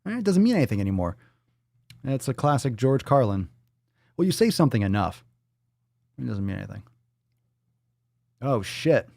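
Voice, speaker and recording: This man's lowish, darkish voice is creaky and animated, going at a normal speed with frequent pauses. As livestream host, he reads out viewer donations and messages, joking, cursing and riffing off the cuff in casual chat. The recording is dry and clean, with studio sound.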